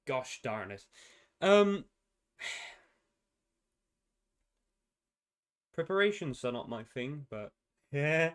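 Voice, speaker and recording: A man's voice: a little high, very animated, drawn-out words, pauses often, fairly bright tone, clear, resonant tone. A young man casually explaining a constructed language's sound rules on a livestream, rambling and correcting himself as he goes. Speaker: streamer presenting a constructed language.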